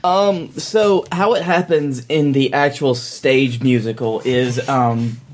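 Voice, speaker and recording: Brief: man, mid-pitched, podcast co-host, halting with lots of ums, keen on musicals. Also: slight background noise. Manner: hesitant, many fillers, enthusiastic about musicals. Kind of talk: casual chat.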